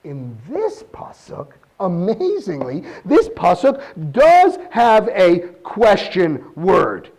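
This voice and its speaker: A Torah teacher with a high voice gives his weekly talk, his pitch swooping wildly as he poses question after question. Between points he reads verses aloud in Hebrew, speaking a little slowly in a somewhat mellow tone.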